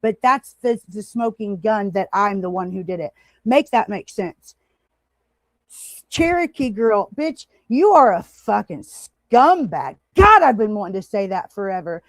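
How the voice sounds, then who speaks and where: A woman's voice: mid-range voice, expressive, normal speed, no room sound. A woman hosting a livestream, angrily ranting at a critic with heavy swearing and greeting chatters now and then. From United States. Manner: angry, profane, confrontational, addresses viewers in chat. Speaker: livestream host. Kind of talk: heated livestream rant.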